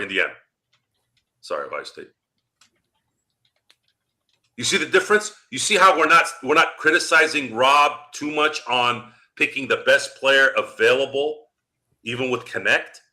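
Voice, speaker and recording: A man's voice: fairly high pitch, sharp tone. A man hosting a sports podcast, delivering a heated, profane rant and jabbing at his critics. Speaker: podcast host.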